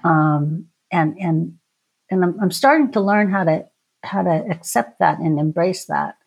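A middle-aged woman talking as a podcast guest in a casual, reflective way, often pausing and restarting her sentences. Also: fairly low pitch, creaky, husky, highs cut off. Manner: hesitant, many restarts and ums.

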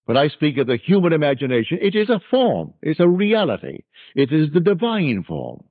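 A man's voice: a little high, wildly swooping pitch, moderate pace, no echo. Man lecturing on an old tinny recording. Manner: emphatic, quotes scripture, teaching. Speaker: spiritual lecturer. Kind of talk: metaphysical lecture.

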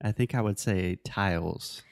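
A man leads a relaxed lesson-style chat. He patiently coaches pronunciation, drawing sounds out and teasing gently. The sound is dry and close. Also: sits low, creaky, no echo. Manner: patient, playful, corrects pronunciation slowly. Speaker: co-host teaching English. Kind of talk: casual language-lesson chat.

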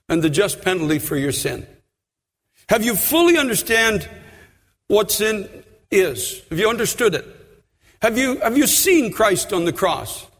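A man with a very high voice preaches with fervor, pressing his listeners with repeated questions and rising to shouts. His words ring out with the long reverb of a big hall. It sounds like a pulpit recording in a church. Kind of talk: sermon.

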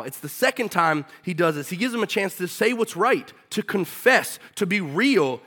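A man preaching a sermon in a casual, animated way with everyday slang. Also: high voice, normal speed.

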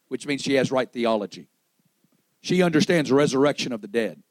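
A man's voice: mid-range voice, fairly quick, no room sound, rough recording. Dynamic male preacher, dry close sound. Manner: dynamic preaching, swings between loud peaks and hushed lines; acts out quoted voices in storytelling. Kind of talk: sermon. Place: church service.

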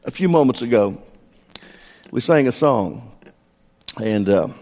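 An older male pastor delivering an earnest, emotional sermon in a church sanctuary. His mid-pitched voice rings out with a long hall reverb trailing each phrase. He leads the congregation through scripture in a steady preaching cadence. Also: unhurried.

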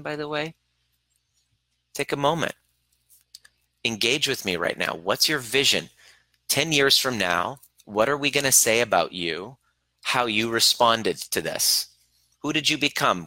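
A man's voice: mid-range voice, sharp tone, no room sound. A man coaching his audience in a live-stream talk, intense and preachy, swearing casually as he urges them on. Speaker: relationship coach.

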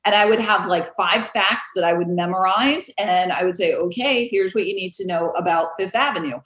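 A woman realtor telling stories in a casual interview, animated and quick to laugh, acting out the voices of others. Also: lowish voice. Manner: animated storyteller, acts out quoted voices, laughs often. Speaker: realtor guest. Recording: roomy echo.

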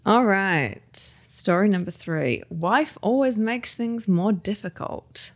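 Lively-voiced woman co-hosting a podcast. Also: medium pitch, takes it slowly. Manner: laughs along, short replies. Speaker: podcast co-host. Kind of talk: casual chat.

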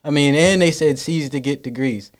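A man's voice: a little high, normal speed, a little hiss or hum. A young man, a podcast guest, talking casually and earnestly, giving encouraging advice in a rambling way. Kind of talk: casual chat.

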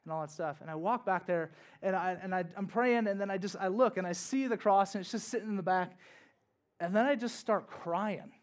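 A man's voice: high voice, brisk. A young man, a pastor, giving a conversational sermon with casual asides and rising bursts of energy.

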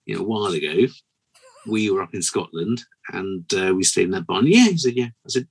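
A man co-hosting a podcast, chatting casually and telling a long joke in a lively way, with many restarts. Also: lowish voice, fairly quick, creaky, husky, rough recording. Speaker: podcast co-host.

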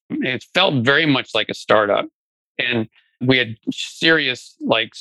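Bright-voiced man telling his story. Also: mid-range voice, gravelly, no echo, poor audio. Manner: conversational, many fillers and restarts. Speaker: guest, venture investor. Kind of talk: casual storytelling interview.

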